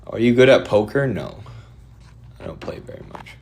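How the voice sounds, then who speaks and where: A man streaming and answering viewer questions in a quick, offhand, opinionated way. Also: fairly low pitch, animated, gravelly, a little mellow.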